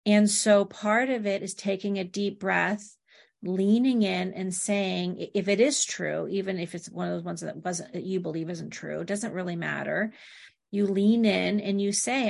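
In a conversational interview, a middle-aged woman who works as a therapist tells anecdotes at a moderate pace, her mid-range voice carrying vocal fry. She brings clients and family into the stories through quoted dialogue.

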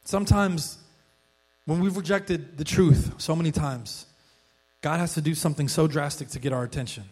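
A man's voice: on the high side, normal speed, slightly rough. A male pastor preaching a sermon in a conversational storytelling way, with frequent restarts. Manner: conversational storytelling, frequent restarts, rising excitement when acting out quotes.

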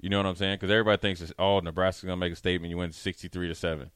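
Deep, smooth-voiced sports radio host. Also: male voice, level tone, rapid-fire, fairly bright tone, no room sound. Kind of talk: casual sports talk.

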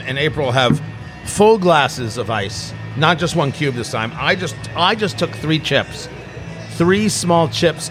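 A middle-aged man hosts a loose, joking conversation, often stopping and restarting mid-thought. His voice sits a bit high for a man. A faint bed of music plays underneath. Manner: rambling, self-interrupting, jokey. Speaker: podcast host. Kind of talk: casual tasting chat.

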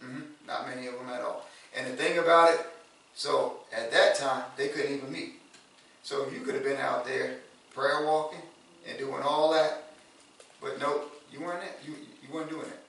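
A man preaching a sermon in a relaxed, conversational way, repeating words and rising to loud emphasis. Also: medium pitch, moderate pace, vocal fry. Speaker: pastor. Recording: echoey room from far off.

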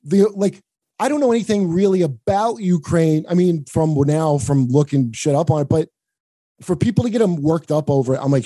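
A man from the United States talks on a podcast in a rambling, profane, joking way, full of restarts. His voice sits a bit high but sounds very dark and mellow. The recording is dry and close, with no room in it. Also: lively intonation, moderate pace, no echo. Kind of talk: casual podcast chat.

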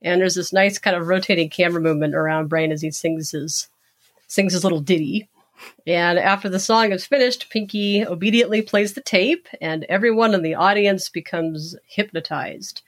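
A woman co-hosting a podcast, narrating an episode recap in a relaxed, easygoing way. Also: on the low side, moderate pace. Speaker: podcast co-host.

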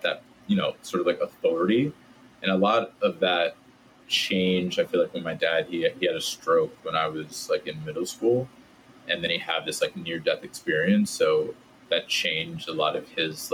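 A man, a podcast guest, telling childhood stories in a relaxed way, full of "like" fillers. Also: low-pitched, a little hiss or hum, poor audio. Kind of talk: casual storytelling.

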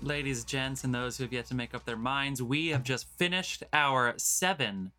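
Over a video call, a man hosts a casual movie podcast, swearing freely, speaking emphatically, and introducing segments like a showman. His mid-range voice is bright and forceful at a moderate pace, with soft music in the background.

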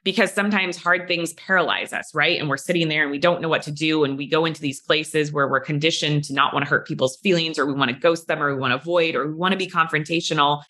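A woman's voice: sits low, sharp tone. A woman hosting a business podcast, talking in an earnest, emphatic way in casual conversation with her guest. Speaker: podcast host. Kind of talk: casual interview chat.

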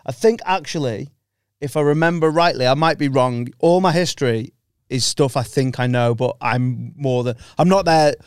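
A man's voice: medium pitch, normal speed, clean tone, dry recording, studio quality. Jokey rambling guy. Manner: rambling, jokey, British slang. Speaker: podcast co-host. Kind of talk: casual chat.

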